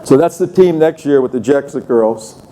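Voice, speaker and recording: A man's voice: mid-range voice, moderate pace, warm tone. An older man giving a conversational talk at a conference, telling anecdotes and acting out the people in them. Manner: conversational, tells anecdotes with voiced quotes. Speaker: conference speaker. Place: conference room.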